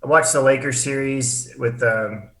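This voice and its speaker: A man chatting as a podcast guest over a video call, halting and easygoing, often restarting his sentences. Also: mid-range voice, steady tone, fairly bright tone, reverberant. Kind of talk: casual chat.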